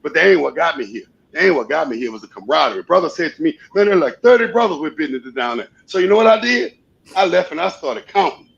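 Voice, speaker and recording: Gravelly fervent man on a muffled call. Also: a little high, lively intonation, fast, fairly bright tone. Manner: fervent, rambling, repeats phrases. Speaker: panel guest. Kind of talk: casual panel chat.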